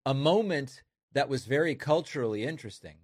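A man's voice: mid-range voice, expressive, fairly quick, darkish tone, breathy edge, no room sound, studio quality. A man hosting a political commentary show, mocking the news clips he plays. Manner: sarcastic, mocking.

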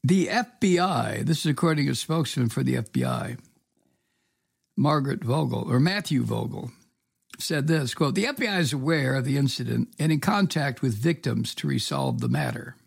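A man's voice: mid-range voice, sing-song, moderate pace, vocal fry, breathy edge, dry recording, studio quality. An American man giving casual news commentary, angry and sarcastic, swearing, with many ums and uhs. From United States. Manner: angry, sarcastic, profane ranting with many fillers. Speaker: political commentator.

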